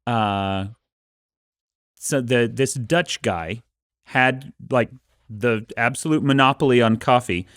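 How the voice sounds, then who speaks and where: A man co-hosting a podcast, telling a history story in a relaxed, rambling way. His voice sits in the middle of the range. It is recorded close on a dry studio mic. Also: mid-range voice, slow pace, pauses often, dry recording. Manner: storytelling with fillers, self-mocking. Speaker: podcast co-host. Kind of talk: casual chat.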